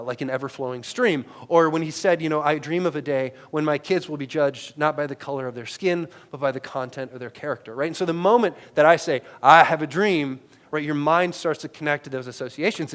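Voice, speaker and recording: On a headset mic, a male pastor gives a conversational sermon, often closing a line with "right?". His delivery rises to loud, emphatic peaks and drops into quiet, low asides.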